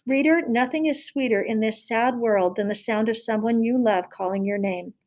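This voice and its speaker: A woman reading a children's novel aloud expressively, pausing to talk to the listener. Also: a little high, poor audio. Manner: expressive, addresses listener directly. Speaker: storybook reader.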